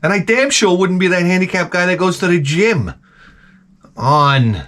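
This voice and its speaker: A middle-aged man hosting his own channel, giving a crude, profane comedic rant that swings from mutters to shouts. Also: sits high, expressive, normal speed. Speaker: channel host.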